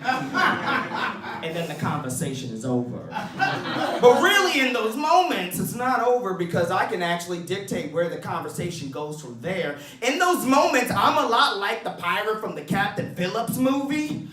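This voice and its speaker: Animated young man doing stand-up. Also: normal speed, roomy sound, distant mic, crowd noise. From Baltimore. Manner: animated, swings from low asides to loud shouted bits. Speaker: stand-up comedian. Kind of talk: stand-up comedy set. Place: comedy bar stage.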